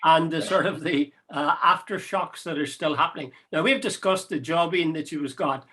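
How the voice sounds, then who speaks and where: Bright-voiced wry man. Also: fairly high pitch, moderate pace. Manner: wry and chatty, amused asides. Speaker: co-host of a current affairs podcast. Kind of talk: casual political chat.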